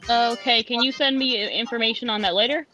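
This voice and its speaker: A woman playing in a tabletop game talks hesitantly, with fillers. Her voice is bright and tense and sits fairly high. Faint music plays behind her. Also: brisk, poor audio. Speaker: player. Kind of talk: casual tabletop game play.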